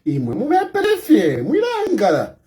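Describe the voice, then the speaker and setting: A man's voice: high voice, wildly swooping pitch, slow. A Zambian man, a politician, delivering a combative, mocking political rant and repeating his lines defiantly. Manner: defiant, repetitive, mocking, bursts of shouting.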